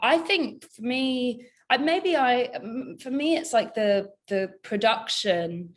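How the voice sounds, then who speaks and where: A woman's voice: fairly high pitch, animated, takes it slowly. A young woman chatting casually as an interview guest, giggly and full of filler words, over a video call. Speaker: interview guest, singer-songwriter. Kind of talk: casual chat.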